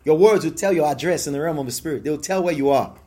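A man with a notably high voice preaches a sermon to his congregation. He hammers his points home by repeating them, and his voice climbs into bursts of exclamation. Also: fast, mellow. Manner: emphatic, repetitive preaching with rising exclamations. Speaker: pastor.

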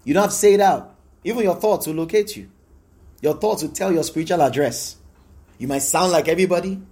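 A man with a notably high voice preaches a sermon to his congregation. He hammers his points home by repeating them, and his voice climbs into bursts of exclamation. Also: a little mellow. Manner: emphatic, repetitive preaching with rising exclamations. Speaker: pastor.

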